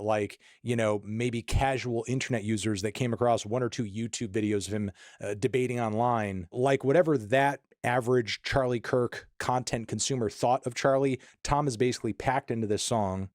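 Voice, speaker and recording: A man giving video commentary in a measured, scathing tone as an online critic. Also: medium pitch, darkish tone, dry recording, studio quality.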